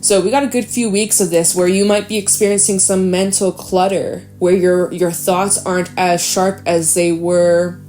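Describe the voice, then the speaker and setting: A woman's voice: lowish voice, level tone, normal speed, hardly any pauses, darkish tone. Chatty, encouraging woman giving a tarot reading. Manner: chatty and encouraging, acts out worried inner voices, swears casually. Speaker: tarot reader.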